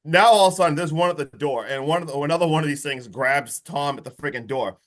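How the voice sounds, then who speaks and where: An excitable man in casual podcast chat, peppering his talk with "like" and swearing. His voice sits a little high for a man. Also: fast talker. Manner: excitable, swears freely, heavy use of "like". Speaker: podcast co-host. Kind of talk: casual movie review chat.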